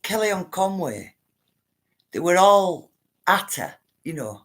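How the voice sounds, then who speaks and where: A woman's voice: mid-range voice, big pitch swings, takes it slowly, slightly rough. A woman hosting a casual livestream, chatting to her viewers in a rambling way and reading their comments aloud. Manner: chatty, rambling, addresses viewers as guys and love.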